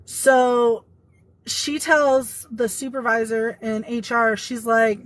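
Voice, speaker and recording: A woman's voice: a little high, takes it slowly, poor audio. Fired-up woman telling a storytime vlog. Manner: emotional, animated retelling with quoted dialogue. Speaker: vlogger.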